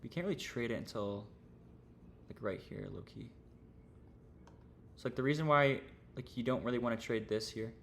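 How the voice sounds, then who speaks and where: A young man with a gravelly, fry-heavy voice talks through a trading lesson on his stream. He is casual and rambling, full of slang and fillers. A faint hiss of noise sits under the recording. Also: medium pitch, normal speed, long pauses.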